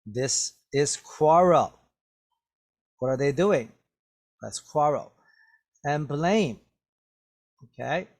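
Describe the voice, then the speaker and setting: A man teaching English vocabulary to learners, his voice sitting slightly high for a man. He moves very slowly through each word, repeating it several times and checking understanding with "okay?" after nearly every phrase. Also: lively intonation, a little mellow. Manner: repetitive, drawn-out explanations with many "okay?" checks. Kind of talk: slow classroom vocabulary lesson.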